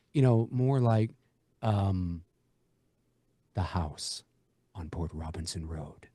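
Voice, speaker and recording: A man's voice: medium pitch, darkish tone, no echo, studio quality. A man, an indie horror filmmaker, chatting casually on a livestream, rambling with lots of fillers and restarts.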